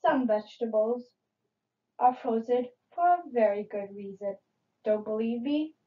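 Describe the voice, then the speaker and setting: A woman reading children's picture books aloud in an expressive, dramatic way, in a dull lo-fi recording. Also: fairly high pitch, a little slow. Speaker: storybook reader.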